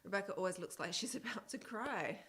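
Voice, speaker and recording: A woman's voice: mid-range voice, lively intonation, a little fast, fairly bright tone, breathy edge. A woman co-hosting a live stream, teasing her co-host and laughing often.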